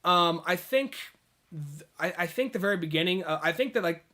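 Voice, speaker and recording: A young man co-hosting a podcast, chatting casually and rambling, swearing freely and breaking into high-pitched mock quotes. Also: lively intonation, moderate pace, sharp tone. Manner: rambling, profane, acts out quotes in high voices. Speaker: podcast co-host. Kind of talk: casual chat.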